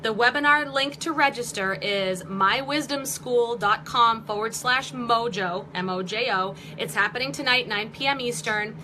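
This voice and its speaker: A woman's voice: a little high, moderate pace, few pauses, noisy background. A woman in her forties hosting a live-stream vlog, giving online marketing tips in an upbeat, chatty way with jokey asides. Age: 40s.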